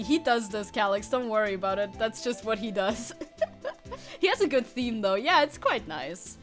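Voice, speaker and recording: Woman streamer, playful, laughing, swears freely, fairly high voice, faint game music. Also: lively intonation, moderate pace. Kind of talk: casual gameplay commentary.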